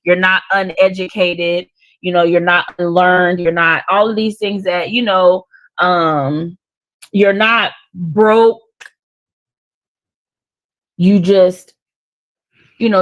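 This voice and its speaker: A woman co-hosting a casual faith-based talk show, speaking, naturally loud and animated, laughing easily. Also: lowish voice, poor audio. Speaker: podcast co-host.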